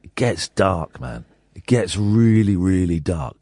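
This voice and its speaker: A man's voice: sits low, animated, slow, mellow, no echo, studio quality. A man hosting a late-night radio talk show, rambling through announcements with plenty of fillers. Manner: rambling, full of fillers and restarts. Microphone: studio mic.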